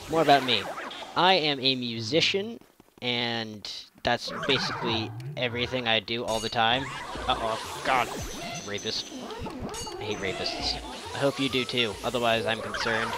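A man's voice: medium pitch, moderate pace, loud music behind the voice. A man hosting a let's play, commenting on the game in a rambling, self-deprecating way. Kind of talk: gameplay commentary.

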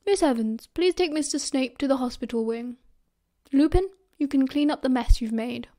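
A woman with a British accent voicing a pompous elderly male professor with slow, measured speech. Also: high-pitched, mellow, natural voice. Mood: reproving.

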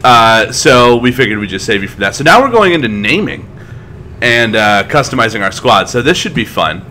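Jokey male co-host, bright voice with a lot of lilt, faint background hiss. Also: mid-range voice, very animated, moderate pace. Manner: jokey, playful banter. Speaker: let's play co-host. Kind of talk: casual gameplay chat.

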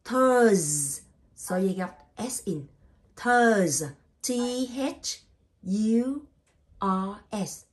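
A woman teaches spelling at an unhurried pace. She sounds out every letter and repeats each word, and her simple phrasing shows English is not her first language. Her voice sits at a medium pitch. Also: a little mellow. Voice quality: non-native English grammar. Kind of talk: spelling lesson.

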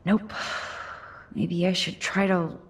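An actress voicing a young female photography student in a video game, calmly musing to herself. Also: fairly low pitch, slow, husky, recorded from a distance, heavily acted.

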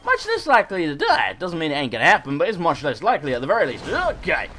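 An English man commenting on a game he is playing, excitable and self-mocking, with plenty of swearing. His voice sits high and leaps around a lot, full of bounce. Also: fast talker, slight background noise. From England. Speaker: let's play host. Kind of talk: gameplay commentary.

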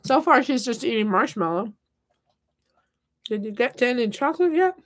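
A chatty, playful woman talks casually while she crafts, reading out comments from her viewers as she goes. Her voice sits a little on the high side, and she speaks from her home office. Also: animated, normal speed. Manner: playful and upbeat. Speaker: host of a craft livestream.

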